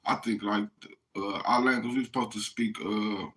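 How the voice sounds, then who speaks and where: A man's voice: lowish voice, fairly even intonation, moderate pace, fairly bright tone. A man from the United States rambling in a casual monologue, profane and slangy, talking straight to his listeners. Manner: profane, slangy street talk, addressing listeners directly.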